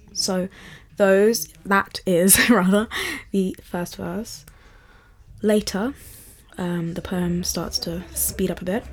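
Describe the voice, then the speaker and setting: A woman talks casually and eagerly about poems she loves, drifting off on tangents as she goes. Her pitch sits in an ordinary middle range for a woman, and her speech is chatty and unscripted. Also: fairly even intonation, slow pace, breathy edge. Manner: enthusiastic and rambling. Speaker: vlogger. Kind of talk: casual chat about poetry.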